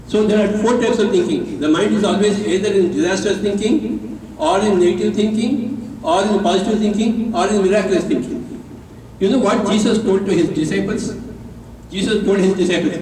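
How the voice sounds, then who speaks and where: A man's voice: sits high, brisk, mellow, slight background noise. A man from India with an Indian accent, a spiritual teacher giving an emphatic, repetitive talk to a live audience and leading call-and-response. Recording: echoey hall, voice from a distance.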